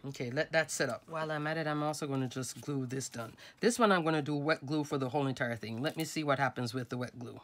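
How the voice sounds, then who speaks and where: A woman's voice: a bass voice, quick pace, hardly any pauses. A woman hosting a craft tutorial, talking casually and instructively while she works step by step with her hands. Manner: chatty, instructive, talks while working with hands.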